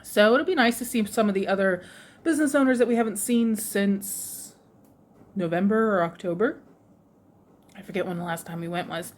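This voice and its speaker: A woman vlogger telling a casual story in an animated way, laughing often and acting out other people's lines. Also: medium pitch, normal speed. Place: lives in Japan, runs a shop with her husband.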